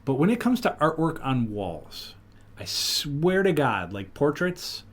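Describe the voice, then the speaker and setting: Animated man telling stories. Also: a little high, measured pace. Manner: animated storyteller, lively retellings. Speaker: podcast host. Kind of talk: casual chat.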